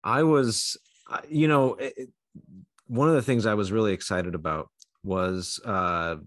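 A man's voice: fairly low pitch, measured pace, no echo, studio quality. A man co-hosting a podcast, talking casually and hesitantly with many fillers. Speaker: podcast co-host.

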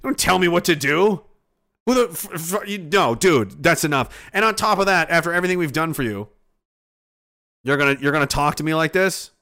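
A sharp-toned, somewhat high voice belongs to a Canadian live streamer delivering an angry political rant. He's animated and moves at a moderate pace, swearing heatedly and imitating other people mockingly.

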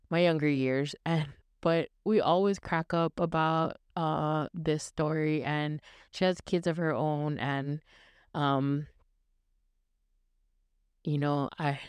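A woman's voice: sits low, a little mellow, clean tone, dry recording. A woman hosting a casual faith podcast, chatty and rambling with fillers. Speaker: podcast host.

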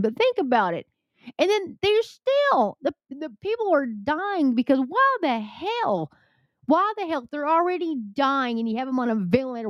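A woman hosts her own commentary show in a fiery, indignant rant, cursing freely and circling back on her own sentences. Her voice sits a little high. The recording is dry and dull, with a lo-fi edge. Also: no room sound. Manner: fiery, indignant, swears often, rambling restarts. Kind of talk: angry political commentary.

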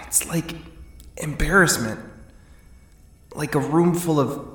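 Sketch voice: someone playing a deadpan young man, extremely slow, echoey room. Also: mid-range voice. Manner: deadpan, halting. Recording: roomy echo.

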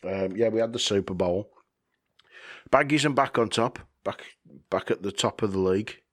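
A man's voice: fairly low pitch, moderate pace. A man hosting a podcast, rambling casually, swearing freely and chuckling often. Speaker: podcast host.

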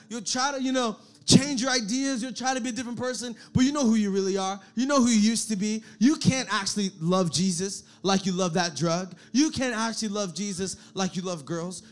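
Young man, high voice, youth pastor, energetic sermon, repetitive, calls for audience response.

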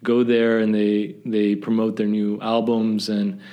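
A man's voice: on the low side, unhurried, muffled recording. A man from the American South with a faint American accent, chatting casually and rambling, with frequent laughs. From southern United States. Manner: relaxed, rambling, laughs often. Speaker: English teacher at a school. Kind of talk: casual chat.

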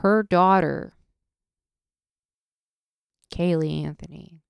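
A woman podcast host rants slowly and emotionally into a studio mic, swearing freely and breaking off to start her sentences again. Her voice has a gravelly fry under a smooth, resonant tone. The sound is close and dry. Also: fairly low pitch, dry recording. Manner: emotional, profane, halting with repeated restarts. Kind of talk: solo podcast rant.

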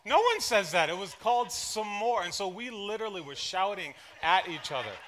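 A male pastor delivers a sermon at a church service, his high voice moving at a moderate pace as he tells lively stories from his own life. Quiet asides give way to loud, excited outbursts, over a faint hiss or hum.

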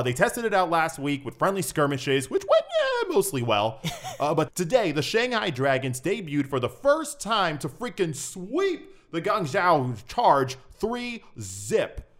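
A man playing a cheerful, show-off male esports sportscaster in a comedic podcast bit, talking in an excitable, hammy way. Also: fairly high pitch, voice pushed up. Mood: excited. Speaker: sports news segment persona.

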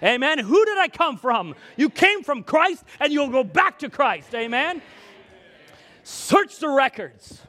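Lively, high-pitched preaching man. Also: measured pace. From Scotland. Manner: emphatic preaching, swings between loud and soft. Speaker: pastor. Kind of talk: sermon.

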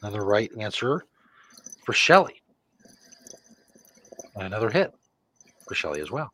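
A man co-hosting a casual podcast, reading trivia questions in a relaxed way. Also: fairly low pitch, moderate pace. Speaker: podcast co-host.

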